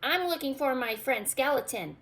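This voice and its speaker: A woman doing a high, earnest little goblin. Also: animated, normal speed, fairly bright tone. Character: small lonely male goblin, earnest.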